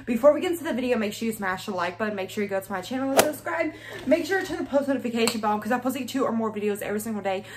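A woman's voice: on the high side, expressive, very fast, very noisy. Young woman, casual mukbang vlog, chatty, hypes her channel, stumbles over words. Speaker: vlogger. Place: home. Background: child in the background.

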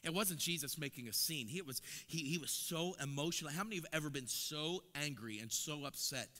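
An impassioned male evangelist preaching a sermon. His voice sits high and cuts brightly through the room, which rings with a long church reverb. He repeats words and climbs to loud, emphatic peaks. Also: brisk, few pauses. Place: church sanctuary.

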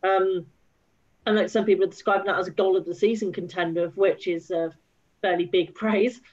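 Halting woman on dull call audio. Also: mid-range voice, steady tone, a little mellow. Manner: halting, full of restarts. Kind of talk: casual football chat over a video call. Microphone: video call.

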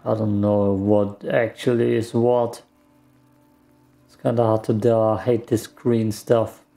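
A man's voice: lowish voice, level tone, slow pace, gravelly, dark tone, faint music behind. A man mutters casual gameplay commentary to himself while he plays, with some mild swearing. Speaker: gaming streamer.

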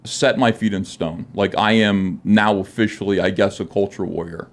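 A middle-aged man with a fairly low voice tells his story as a podcast interview guest. He rambles and fills gaps with "uh," and he plays out the lines of others in his own voice. The sound is a close studio microphone. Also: steady tone, moderate pace. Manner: rambling, frequent "uh" fillers, acts out quoted dialogue. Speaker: guest comic artist.

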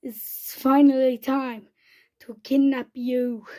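A woman's voice: high voice, little pitch movement, takes it slowly, warm tone. A woman voicing a scheming male hedgehog villain in a homemade toy-figure play video, taunting and gleeful. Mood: gloating.

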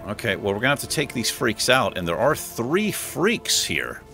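A man's voice: medium pitch, sing-song, moderate pace, vocal fry, sharp tone, faint music behind. A man casually commenting on his gameplay as host, swearing freely and joking sarcastically. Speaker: gaming host. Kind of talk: let's play commentary.

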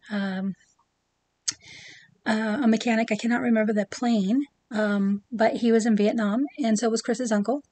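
A woman's voice: on the high side, darkish tone, no room sound. A middle-aged woman chatting casually to camera about her pin collection, with many ums and asides.

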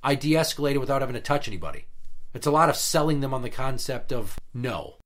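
A man's voice: medium pitch, expressive, fast talker, fairly bright tone. A man in casual podcast chat, venting about an old job in a blunt, profane way, with heated emphasis. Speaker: podcast guest telling work stories.

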